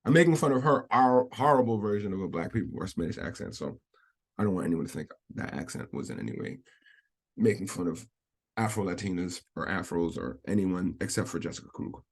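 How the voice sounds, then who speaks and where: Reading a news article aloud, a vlogger comments casually in a low, expressive voice that runs a little fast. He laughs frequently, circles back over the same points, and stops now and then to hedge what he's said.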